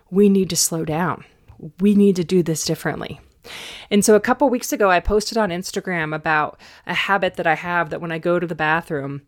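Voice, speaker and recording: A middle-aged woman hosting her own podcast as an anxiety coach, talking candidly and conversationally about her own stress. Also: lowish voice. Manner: candid, conversational, self-reflective. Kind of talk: casual podcast monologue.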